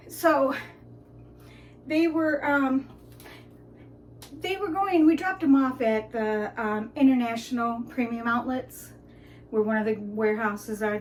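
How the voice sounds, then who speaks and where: A woman's voice: fairly high pitch, recorded from a distance, a little hiss or hum, rough recording. A woman from the Detroit area chatting in a rambling casual vlog, with lots of fillers and a little out of breath. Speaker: vlogger. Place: indoors at home, then outdoors at a theme park.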